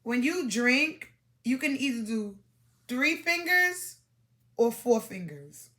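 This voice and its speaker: A woman's voice: on the high side, very animated, takes it slowly, fairly bright tone. A woman hosting a podcast, giving dating advice in an emphatic, repetitive coaching monologue with demonstrations.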